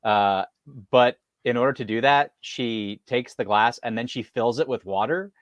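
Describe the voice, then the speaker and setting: A man's voice: mid-range voice, normal speed, dry recording. A man co-hosting a casual film discussion, talking with many fillers and restarts. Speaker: podcast co-host.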